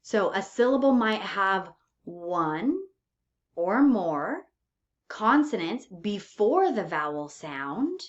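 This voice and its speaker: A woman's voice: medium pitch, very animated, takes it slowly, muffled recording. A woman teaching an English pronunciation lesson, patiently checking in with "okay?" and "right?" after each point.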